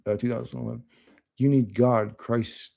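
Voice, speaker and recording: A man's voice: mid-range voice, steady tone, normal speed, gravelly, warm tone. A young man streaming live, chatting casually and bluntly, cursing often and laughing at chat.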